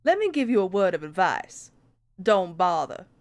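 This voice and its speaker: A woman's voice: on the low side, sing-song, moderate pace, darkish tone. Woman voicing a cynical male prime minister. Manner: dry, cynical, formal. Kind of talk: voice acting a game with friends.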